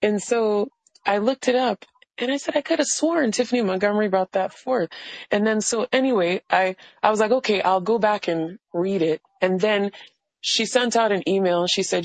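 A woman caller sharing a personal testimony with the pastor, halting and overwhelmed, restarting her sentences. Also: mid-range voice, dry recording, poor audio.

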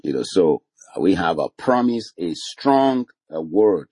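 A man's voice: sits low, sing-song, takes it slowly, dark tone, breathy edge, no room sound. An older man preaching informally to a discussion room, chatting with listeners, quoting scripture with rising emphasis and chuckling often. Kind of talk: informal sermon talk.

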